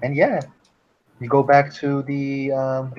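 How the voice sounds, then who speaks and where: A man's voice: medium pitch, monotone, slow pace. A man narrating as game master in a casual way, on a dull lo-fi recording. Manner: casual, with fillers. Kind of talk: narrating a tabletop role-playing game. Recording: dull lo-fi recording with faint hiss.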